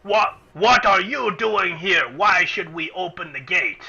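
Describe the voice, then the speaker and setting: A man voicing a suspicious male orc guard who questions slowly and warily, in a dull lo-fi recording. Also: high voice, vocal fry, sharp tone, breathy edge, soft background music, voice pushed up, full character voice.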